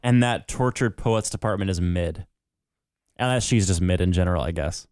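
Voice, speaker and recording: Young male podcast co-host: low, smooth, laid-back, close dry mic. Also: normal speed, darkish tone, no echo. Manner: laid-back, joking, reads listener letters aloud. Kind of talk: casual podcast chat.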